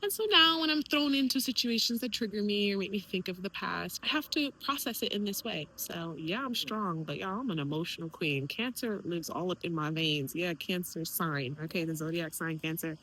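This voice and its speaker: Candid, animated young woman vlogging. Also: lowish voice, normal speed, hardly any pauses, slight background noise, low-quality recording. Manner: candid, animated, quoting others in lively voices. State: tearful at times. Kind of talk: emotional personal vlog.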